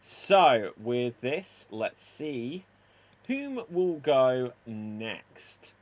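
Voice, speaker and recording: A man hosting a live improv show over a video call, brisk and teasing as he runs the games. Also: medium pitch, big pitch swings, no echo. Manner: brisk, teasing, keeps the game moving.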